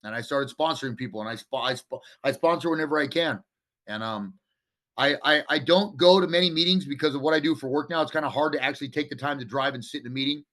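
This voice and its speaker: Male podcast guest, candid storyteller, profane and unpolished, sharp and forceful tone. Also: mid-range voice, fast talker. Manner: blunt and profane, with frequent restarts. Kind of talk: candid storytelling in a casual interview.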